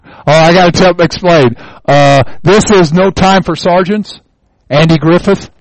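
A man's voice: fairly high pitch, steady tone, unhurried, dry recording, poor audio. A man teaching an informal Bible lesson, telling the parable as a folksy, homespun story and often repeating words as he goes.

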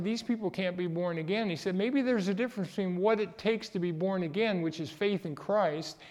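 A middle-aged male pastor preaching a sermon with a notably high, bright-pitched voice. He is emphatic, pushing up in pitch and volume on key points and chuckling now and then. The sound carries a long hall reverb.

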